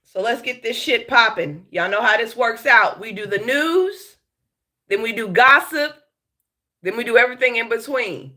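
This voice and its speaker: A woman's voice: a little high, lively intonation, normal speed, bright, forceful tone. A woman hosting a casual live stream, blunt and swearing freely, a bit sick and talking with a slight lisp from her braces. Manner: blunt, swearing, greets chat viewers by name. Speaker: live show host.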